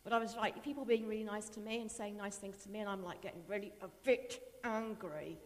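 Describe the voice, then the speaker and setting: A middle-aged woman giving a personal testimony in an earnest, emotional way that often drops to a hushed voice. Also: medium pitch, fairly even intonation, brisk, big-room sound. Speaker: church member giving testimony.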